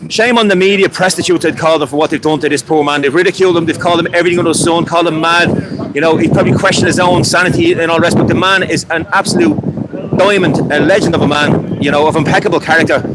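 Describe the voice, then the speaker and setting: A man's voice: fairly high pitch, fairly even intonation, fast talker. An Irish man at a street protest, speaking angrily and in a rant, with many restarts and some swearing. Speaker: protester interviewed at a rally. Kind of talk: impassioned street interview. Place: outdoors at a street protest in rain and wind. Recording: loud outdoor wind and rain noise.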